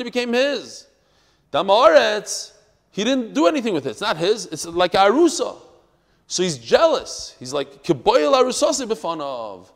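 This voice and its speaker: Leading a live group through a daily Talmud class, a high-pitched man speaks animatedly and emphatically, weaving Hebrew and Yiddish terms into English and telling stories. The sound is that of a big room.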